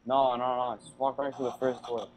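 A man's voice: mid-range voice, level tone, moderate pace. A man casually guiding a friend through a game, teasing him with short directions. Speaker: co-player guiding the gamer. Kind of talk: casual gaming chat.

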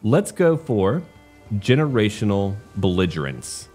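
Low voiced guy doing dry chatty strategy game commentary, faint music behind. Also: expressive, darkish tone. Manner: wry, chatty, jokes with quick silly put-on voices. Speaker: game streamer. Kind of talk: let's-play commentary.

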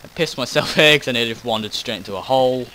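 A man's voice: mid-range voice, fast, pushed and bright, slight background noise, rough recording. A man giving loose, rambling commentary over his own gameplay footage, often losing his train of thought and swearing casually. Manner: meandering, self-interrupting, casual swearing. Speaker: gaming commentator. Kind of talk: rambling post-recorded game commentary.

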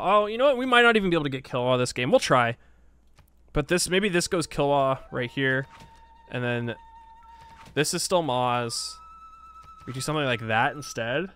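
A man's voice: medium pitch, a bit bright. A man playing a strategy game and thinking aloud in casual commentary, often sighing and laughing at himself. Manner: thinks aloud, frustrated and self-mocking, frequent sighs and laughs. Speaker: gaming YouTuber. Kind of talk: casual Let's Play commentary.

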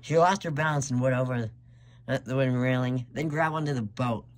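A man's voice: medium pitch, brisk. A man reading his own fanfiction aloud in first person, hesitant with frequent restarts. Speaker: fanfiction reader.

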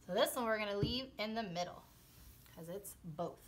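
A young woman teaching young children letter sounds, sounding them out slowly in a sing-song way and switching between English and Spanish words. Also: mid-range voice. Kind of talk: early-childhood phonics lesson.

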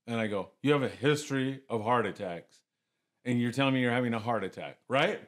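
An older man recounts old fishing misadventures in a relaxed podcast conversation. He jumps into raised, animated voices when he quotes his crewmates and the Coast Guard, then drops back to a plain, mid-pitched telling. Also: a little fast. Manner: animated storyteller, acts out others' lines in raised voices. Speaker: podcast guest, retired commercial fisherman. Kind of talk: casual storytelling chat.

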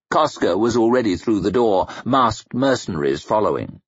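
A man reading an audiobook in a dramatic, expressive, measured way. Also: fairly low pitch, husky, no room sound, muffled recording. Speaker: audiobook reader.

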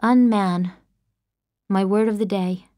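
A woman narrating an audiobook in the first person, measured and expressive, close to the mic. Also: mid-range voice, no room sound.

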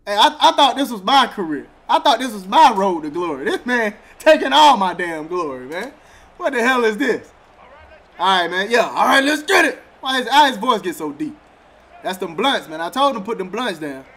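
A man commenting on his own football video game as he plays, excitable and trash-talking, often breaking into laughter. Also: high voice, normal speed. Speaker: gaming YouTuber. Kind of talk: live gameplay commentary.

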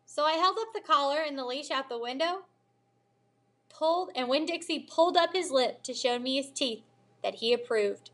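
A woman teacher reading a children's novel aloud in an expressive storytelling manner. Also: sits high, moderate pace. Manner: expressive storytelling, lively character voices.

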